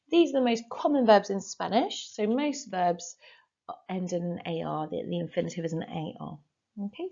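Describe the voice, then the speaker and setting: Woman teacher, mid-pitched, patient drill-style delivery, slightly muffled recording. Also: darkish tone. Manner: clear, patient instructions with repeat-after-me drills. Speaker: Spanish teacher. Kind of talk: recorded classroom lesson.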